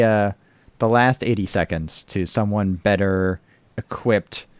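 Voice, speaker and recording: A man's voice: sits low, no echo. An American man hosting a casual podcast, with a dry, wry delivery. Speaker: podcast host.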